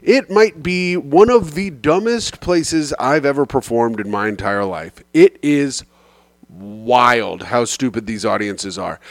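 A man hosting a podcast, telling road stories in an animated, casual comic style with swearing. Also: on the high side, dry recording. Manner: animated, swearing, slips into quoted voices. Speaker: podcast host.

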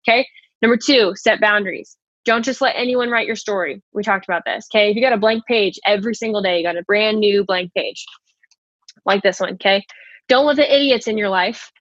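A young woman coaching on her podcast in a chatty, emphatic way, peppering her talk with "like" and "okay" and stopping to read scripture aloud. Her voice sits at an ordinary middle pitch. The recording is dry and a little dull. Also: a bit bright, no echo. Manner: reads scripture aloud between remarks. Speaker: podcast host and pageant coach. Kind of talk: casual motivational faith talk.

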